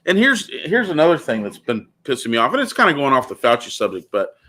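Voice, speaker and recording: Man, blunt ranting host, lively up-and-down pitch, bright edge. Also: fast talker. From California. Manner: blunt, ranting, says "dude" a lot. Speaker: podcast host. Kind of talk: casual opinion talk.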